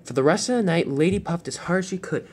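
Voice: mid-range voice, expressive, fast talker, a little mellow. A narrator reading a homemade toy-train story plainly, with occasional slips and faint noise behind.

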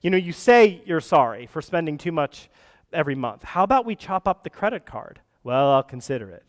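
Man pastor giving a sermon, kinda high voice, earnest w chatty asides, big churchy reverb. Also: very animated, brisk. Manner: earnest preaching with conversational asides and restarts. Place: church sanctuary. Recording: long reverb of a church hall.

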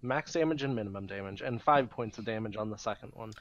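A man playing in a tabletop game, eagerly describing his character's moves in a lively way. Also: lowish voice, fast talker, dry recording. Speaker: player. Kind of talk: casual tabletop play. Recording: dull lo-fi recording.

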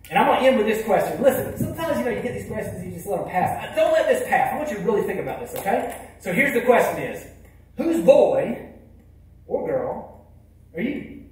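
A man tells a motivational story from the stage, high-voiced for a man. He hits some lines hard and drops others to a hush. The sound is echoey, like a big hall heard from far off. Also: sing-song, rapid-fire. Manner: emphatic, swings between loud punches and hushed lines. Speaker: keynote speaker. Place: large hall.

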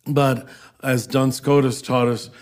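A Franciscan priest, a man, explaining theology in an unhurried, earnest conversational interview. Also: medium pitch. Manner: earnest, animated, breaks into soft laughs.

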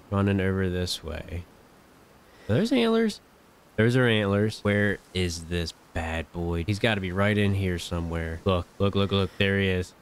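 A man giving excitable hunting-game commentary, swearing and talking straight to his viewers. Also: fairly low pitch. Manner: animated, swears often, talks to viewers. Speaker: gaming channel host.

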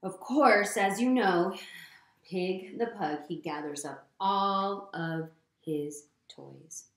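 A woman reading a picture book aloud to children in a gentle manner, often pausing to ask them questions. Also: mid-range voice, reverberant. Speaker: storytime reader.

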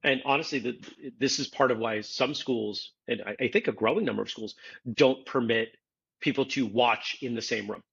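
A man's voice: medium pitch, moderate pace, creaky, fairly bright tone, breathy edge, muffled recording. A man hosting a casual podcast discussion, explaining his points earnestly and step by step. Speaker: podcast host, martial arts instructor.

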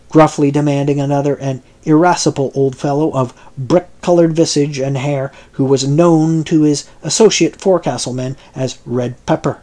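A man reading a classic novel aloud as an audiobook narrator, in slow, measured scripted narration. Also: fairly high pitch, a little mellow.

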